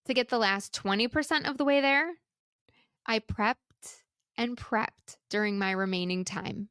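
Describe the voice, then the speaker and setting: Middle-aged woman host, higher voice, conversational and upbeat, close dry mic. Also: pushed and bright, dry recording. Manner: upbeat, conversational, asks listeners rhetorical questions. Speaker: podcast host and speaker coach. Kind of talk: solo podcast talk.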